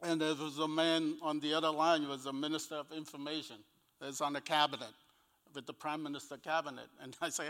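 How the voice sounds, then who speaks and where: A man's voice: fairly high pitch, little pitch movement, a little fast, a bit bright. An older man with a Cambodian accent, an evangelist telling a personal story in an interview, often chuckling and acting out what people said. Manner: chuckles between sentences, acts out quoted dialogue. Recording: long echoey reverb.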